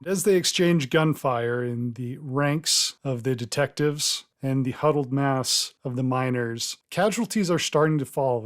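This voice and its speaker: A man narrating a tabletop game as game master, telling the scene in an easygoing, descriptive way. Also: fairly high pitch.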